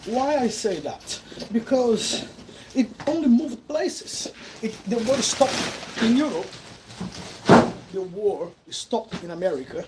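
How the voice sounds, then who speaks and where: A man's voice: very high-pitched, animated, takes it slowly. A man from Brazil with a Brazilian Portuguese accent, giving an emphatic opinion monologue full of rhetorical questions. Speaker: vlogger. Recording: loud background noise with clicks.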